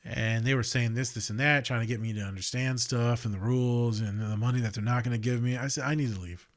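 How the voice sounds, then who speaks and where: A man's voice: medium pitch, fast talker. Blunt, profane man talking casually. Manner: blunt, profane and animated, swings between loud outbursts and quiet reflection. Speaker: podcast host and counselor. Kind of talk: casual monologue.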